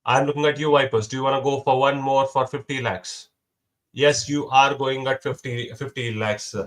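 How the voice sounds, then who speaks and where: A man's voice: mid-range voice, little pitch movement. A young man calling bids in a casual mock auction, repeating prices and counting down before each sale. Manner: repetitive calls and countdowns, brisk.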